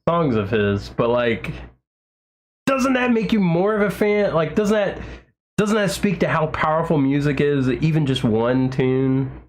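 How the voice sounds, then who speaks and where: A man's voice: fairly high pitch, animated, a little slow. Man, livestream host, casual chat, enthusiastic, rambling, lots of ums and likes. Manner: rambling, many fillers and restarts; enthusiastic, gushing.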